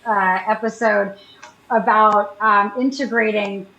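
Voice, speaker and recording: A woman's voice: mid-range voice, fairly even intonation, slow pace, vocal fry, bright, forceful tone, reverberant, dull audio, slight background noise. A woman guest in a casual interview, chatty and laughing often, acting out lines of dialogue. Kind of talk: casual chat.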